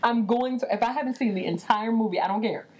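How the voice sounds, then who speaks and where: A woman's voice: on the high side, fast, darkish tone, a little hiss or hum. A woman chatting casually on a podcast as a supportive co-host who keeps affirming her partner. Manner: supportive listener, frequent affirmations.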